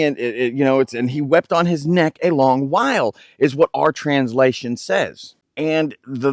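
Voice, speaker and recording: A man's voice: medium pitch, dry recording, clean studio sound. A man teaching scripture in a conversational way, often stumbling over and repeating words as he explains. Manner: halting, repeats words and restarts phrases. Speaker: Bible teacher.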